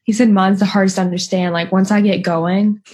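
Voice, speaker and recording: A woman's voice: medium pitch, steady tone, brisk, a little mellow, breathy edge. A woman in her twenties from North Carolina with a Southern North Carolina accent, chatting casually as a guest and saying "like" a lot. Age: 20s. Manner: chatty, peppers speech with "like". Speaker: guest athlete. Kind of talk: casual chat.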